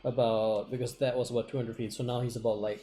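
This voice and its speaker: A man's voice: mid-range voice, little pitch movement, quick pace, dark tone, a little hiss or hum. Guy dm narrating the session, laughs a lot, swears, online call audio. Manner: laughs often, swears casually. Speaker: game master. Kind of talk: narrating a tabletop game.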